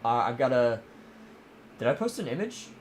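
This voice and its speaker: A man's voice: mid-range voice, very animated, moderate pace, a little hiss or hum. Rambling young man with a mixed East Coast accent. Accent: mix of Maryland, Southern and New York-New Jersey. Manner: rambling, many restarts and fillers. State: voice starting to strain. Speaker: livestream host. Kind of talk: casual livestream chat reading viewer comments.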